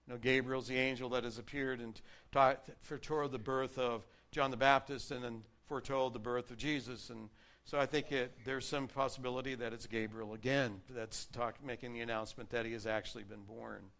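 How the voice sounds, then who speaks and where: A man preaching a sermon, earnestly reading and explaining scripture, varying his loudness for emphasis. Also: medium pitch, steady tone, a little fast, vocal fry.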